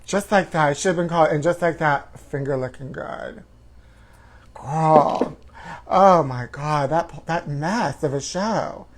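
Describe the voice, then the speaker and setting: A man's voice: fairly high pitch, measured pace. A man hosting a comedic gossip show, campy and sassy, calling listeners honey. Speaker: host. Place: home livestream.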